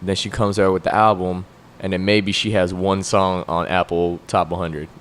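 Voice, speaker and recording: A young man co-hosting a podcast in excitable, slangy casual chat, often repeating himself. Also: deep voice, normal speed. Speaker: podcast co-host.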